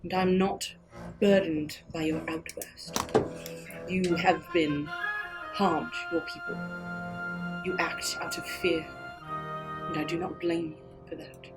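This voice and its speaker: A player voicing a compassionate beast-folk healer who speaks slowly and softly, each word measured and kind. Clear music plays underneath the tabletop scene. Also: medium pitch, level tone, lightly acted. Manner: soft and measured, fading quieter.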